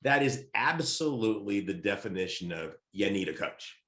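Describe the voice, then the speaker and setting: A middle-aged man with a lowish voice tells lively stories as a podcast guest, in a casual way. The room around him is echoey. He talks like someone spinning a tale among friends. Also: normal speed. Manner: lively anecdotal storyteller. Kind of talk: casual storytelling. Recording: roomy echo.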